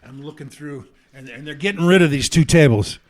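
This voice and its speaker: A middle-aged man telling an animated, profane comedy story, acting out the other people in it. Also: fairly high pitch, fairly quick. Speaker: guest comedian.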